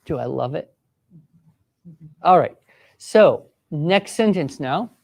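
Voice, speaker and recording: The voice is medium in pitch, expressive, slow, creaky, and somewhat dark. It belongs to a writing teacher running a live classroom workshop, who encourages students, gives stepwise directions, and acts out sample voices.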